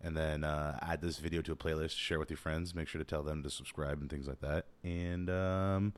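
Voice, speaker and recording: A man's voice: very deep voice, fairly even intonation, moderate pace, hardly any pauses, clear, resonant tone. A young man chatting casually in a home-studio vlog, loose and rambling, correcting himself as he goes. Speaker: beatboxer and home-studio YouTuber.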